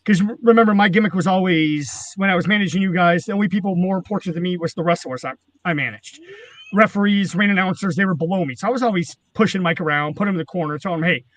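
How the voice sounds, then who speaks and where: A man's voice: high-pitched, fast talker, a bit bright, dry recording. A man, a former wrestling manager, telling rambling, profane stories in casual chat. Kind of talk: casual storytelling.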